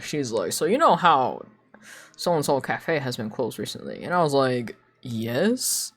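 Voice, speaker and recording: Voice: medium pitch, lively intonation, unhurried, fairly bright tone, faint music behind. A young adult streamer chatting casually while drawing, telling gossip, acting out what others said with gasps and lots of fillers. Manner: gossipy storytelling, acting out quoted people with gasps; filler-heavy, many "like"s. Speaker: live streamer.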